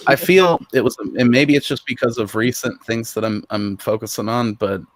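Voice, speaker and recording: A man's voice: medium pitch, normal speed, no echo. A man co-hosting a casual movie chat, crude and profane, laughing through his lines. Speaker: podcast co-host.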